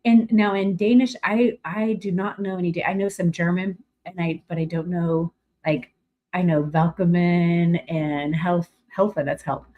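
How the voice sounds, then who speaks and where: A middle-aged Californian woman hosts a casual livestream chat, rambling with lots of fillers and restarts and turning bright and effusive when greeting viewers. Her voice is lowish, steady in tone and a little slow, and the audio is narrow and tinny.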